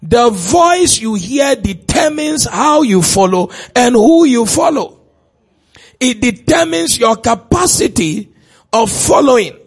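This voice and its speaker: A man preaching a sermon in a church, stretching out shouted lines for emphasis and putting questions to the congregation. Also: very high-pitched, lively intonation, slow pace, husky.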